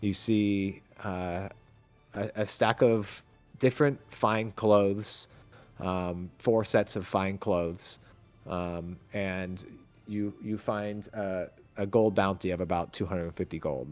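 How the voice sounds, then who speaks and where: Halting, low-voiced game master. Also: male voice, fairly even intonation, soft background music. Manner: halting, full of fillers and restarts. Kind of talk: narrating a tabletop game.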